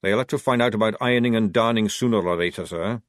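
A man voicing a gruff, crafty old army sergeant who talks in rough working-class speech. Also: on the low side, quick pace, dry recording, studio quality, close to an everyday voice. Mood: sly.

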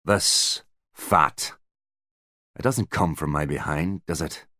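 A man's voice: rumbling low, slow pace, pushed and bright, no echo, clean studio sound, heavily acted. A man voicing a big, terse male bodyguard who speaks in short, grumbling lines. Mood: gruff wary.

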